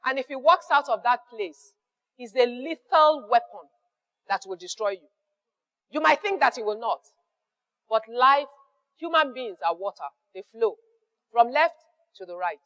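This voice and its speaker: High-voiced Nigerian woman giving business advice. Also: expressive, a little slow, pauses often, fairly bright tone, long reverb tail. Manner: emphatic, repeats key phrases, acts out little dialogues. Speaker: business mentor. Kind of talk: motivational business advice talk.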